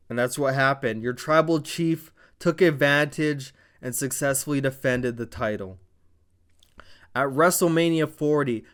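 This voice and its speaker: A man narrates a wrestling segment in casual commentary, building it up like a dramatic story and dropping profane asides. His voice is smooth and resonant at an ordinary middle pitch.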